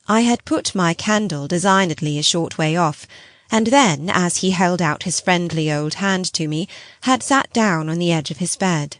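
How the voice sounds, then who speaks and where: A woman narrating a gothic novel audiobook with an expressive, measured reading. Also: fairly low pitch, dry recording, clean studio sound.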